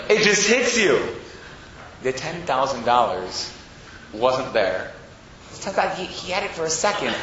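A young man telling a family story in a Torah talk, acting out relatives in loud, high voices. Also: background noise. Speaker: Torah speaker. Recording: echoey room from far off, dull and lo-fi.

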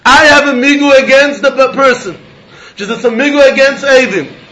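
A man's voice: very high voice, moderate pace, sharp tone, slight background noise. Male Talmud teacher, questioning and chuckling, in an echoey room. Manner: poses rhetorical questions, chuckles while arguing. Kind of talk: Talmud lecture. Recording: roomy echo.

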